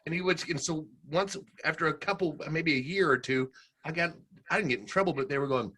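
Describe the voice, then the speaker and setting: A man co-hosting a podcast, telling stories in a casual, animated way and laughing as he goes. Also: fairly high pitch, a little fast, husky. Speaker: podcast co-host. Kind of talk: casual storytelling chat.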